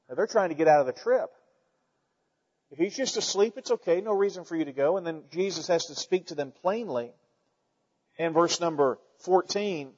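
A man with a high voice preaches a sermon, reading verses and then pressing his points with fervent, repeated emphasis. The sound is dull and lo-fi, with a long reverb that rings through a large hall. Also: darkish tone. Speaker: pastor.

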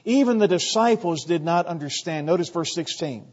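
A man's voice: a little high, expressive, moderate pace, darkish tone, slightly rough. A man preaching a sermon in an emphatic way, acting out the voices of the crowd. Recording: reverberant hall, dull lo-fi sound.

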